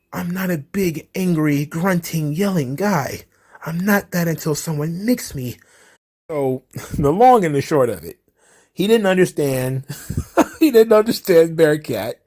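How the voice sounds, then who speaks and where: A male podcast host with a voice pitched a little high, which swings widely as he talks. He is loose and profane and breaks into laughter often. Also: a little mellow. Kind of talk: casual commentary.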